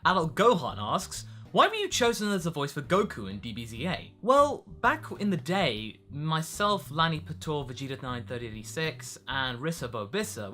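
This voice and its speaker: A man's voice: on the high side, sharp tone. A British man, a voice actor, answering fan questions in a casual vlog, chatty and self-mocking. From Britain.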